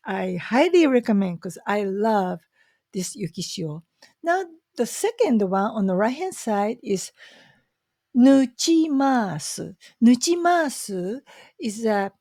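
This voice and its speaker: A woman's voice: on the high side, mellow, no room sound, studio quality. A Japanese woman speaking English with a Japanese accent, chatting casually and enthusiastically to camera as a vlogger, with many fillers.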